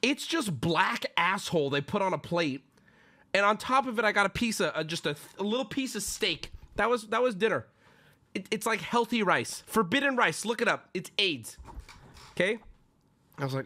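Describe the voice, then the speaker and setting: A man in his thirties ranting to his stream chat, exasperated and loud, mocking people in whiny voices. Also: high-pitched, lively intonation, normal speed.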